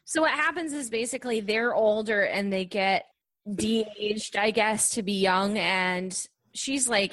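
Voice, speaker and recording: A woman co-hosts a podcast in an easygoing discussion, speaking at a medium pitch. Her speech is loose and casual, full of fillers and restarts. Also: a little slow, fairly bright tone. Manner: casual, filler-heavy, "like" often. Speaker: podcast co-host.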